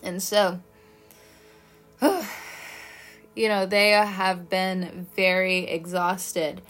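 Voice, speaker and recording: A woman's voice: mid-range voice, steady tone, extremely slow, a bit bright, soft background music. A young woman chatting casually while giving a tarot reading, rambling through stories and laughing often between words. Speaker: tarot reader.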